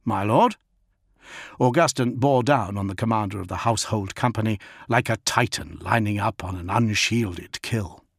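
A low male voice with a gravelly, husky grain reads an audiobook steadily and evenly. The recording is close and dry, with no room sound. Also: normal speed, hardly any pauses, dry recording. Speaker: narrator. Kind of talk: audiobook narration.

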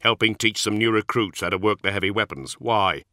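A gruff, fatalistic warrior sergeant, as a male narrator puts him on, growling his words in a dry deadpan. The voice sits low and dark, with a warm, close, dry sound in this audiobook reading. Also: brisk, dry recording.

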